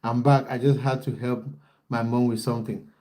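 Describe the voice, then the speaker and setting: A young man hosts a relaxed football livestream, talking to his viewers in a warm, mellow voice. He chats loosely, breaks off often and restarts his sentences, and reads out their comments as they arrive. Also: mid-range voice, normal speed. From based in the United Kingdom. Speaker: football coach and livestream host. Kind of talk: casual livestream chat with viewers.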